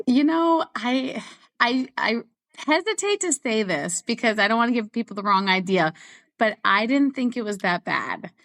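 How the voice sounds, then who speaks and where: Woman guest, high-ish, talkative, laughs easily through her stories. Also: lively intonation, moderate pace, fairly bright tone. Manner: chatty, laughs often while telling stories. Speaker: guest ultrarunner. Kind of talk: casual interview chat.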